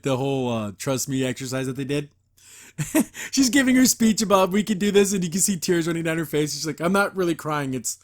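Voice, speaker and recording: A man hosting a podcast, giving a casual, rambling episode review full of enthusiasm and frequent laughs. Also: on the high side. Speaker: podcast host.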